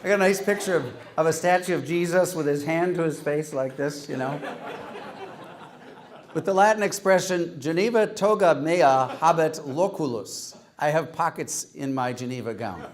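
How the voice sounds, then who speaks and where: Man emceeing a gathering and handing out joke awards, with a somewhat high voice and a wry, ribbing manner. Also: moderate pace. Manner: wry, teasing, reads Latin quotes aloud. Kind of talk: humorous after-dinner award speech.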